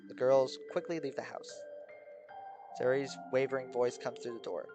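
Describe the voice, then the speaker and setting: A young man narrating a visual novel playthrough, reading stage directions and reacting in a casual, offhand way. His voice is mid-pitched, with faint music playing behind him. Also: little pitch movement, normal speed. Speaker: game streamer.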